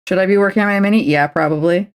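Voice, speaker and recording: A woman's voice: medium pitch, rapid-fire, smooth. A woman streaming while she paints a miniature, chatting casually and playfully, cooing baby talk at her pet. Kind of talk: casual chat while crafting.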